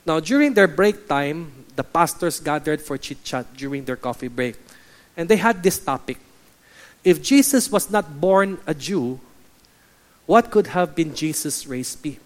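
A Filipino-accented pastor preaches in a notably high voice for a man. He speaks emphatically and builds his points by repeating phrases as he exhorts the congregation. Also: animated, unhurried. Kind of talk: sermon.

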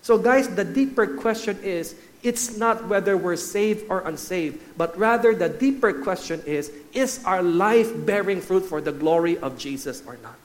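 A man's voice: high-pitched, animated, moderate pace, hardly any pauses. A man preaching a sermon, emphatic and repetitive, calling out to his listeners as church and guys. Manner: emphatic, repeats key phrases, addresses listeners as guys and church.

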